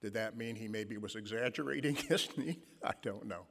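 A man's voice: on the low side, normal speed, creaky, a bit bright. A man preaching a sermon. He muses with fillers and retells a story vividly in the second person. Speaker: pastor. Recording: long reverb of a large hall.

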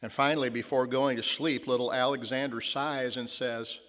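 A man preaching a sermon as pastor, telling stories and slowing down to stress key lines. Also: medium pitch, little pitch movement, a bit bright. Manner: storytelling, slows for emphasis. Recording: long church reverb.

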